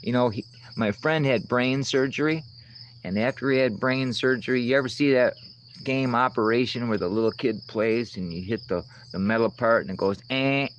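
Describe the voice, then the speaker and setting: Outdoors among insects, a man hosts a casual livestream, rambling and cursing as he talks back to chat comments. His medium-pitched voice holds a steady tone at a moderate pace, in a rough recording with a little hiss or hum.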